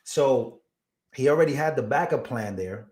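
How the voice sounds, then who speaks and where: A man's voice: medium pitch, expressive, moderate pace, darkish tone. A man with a Hispanic accent hosting a casual political livestream, chatting with his viewers, laughing at himself and tripping over long words. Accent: Hispanic-accented English.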